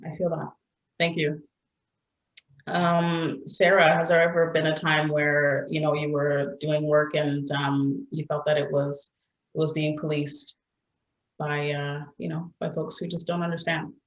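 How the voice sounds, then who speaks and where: Woman moderator, soft-spoken, very low voice, echoey room. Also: flat delivery, slow, long pauses, dull audio. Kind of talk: panel moderation. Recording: roomy echo.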